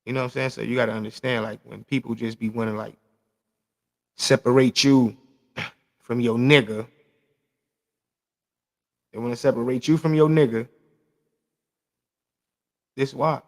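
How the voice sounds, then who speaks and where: La guy vlogging, gravelly, swears a lot, says stuff twice, echo hangs in the room. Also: mid-range voice, steady tone, a little slow, pauses often. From South Central Los Angeles. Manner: loose, profane, emphatic, repeats himself. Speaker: vlog host. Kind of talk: casual monologue to camera.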